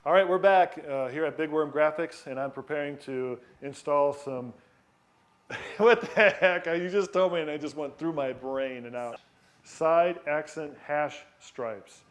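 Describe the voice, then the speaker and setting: A man's voice: fairly high pitch, moderate pace. A man hosting a car show, laughing at his own flubbed lines and joking through the takes. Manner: jokey, laughing at own flubs. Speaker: host. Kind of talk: casual show hosting with bloopers.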